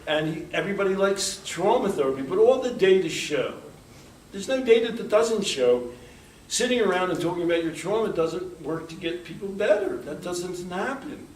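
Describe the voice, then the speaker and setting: A man's voice: high voice, expressive, moderate pace, a little mellow, a little hiss or hum. A man giving a conversational workshop lecture, rambling through anecdotes and acting out quoted dialogue. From United States. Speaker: workshop speaker. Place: workshop room. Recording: roomy, distant mic in a hall.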